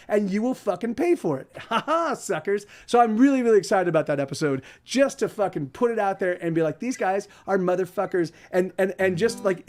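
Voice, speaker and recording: High-pitched socal guy ranting, swears a ton, keeps restarting his sentences. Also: darkish tone. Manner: angry, profane, rambling with many restarts; quotes others in put-on voices. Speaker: podcast host. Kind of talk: profane storytelling rant.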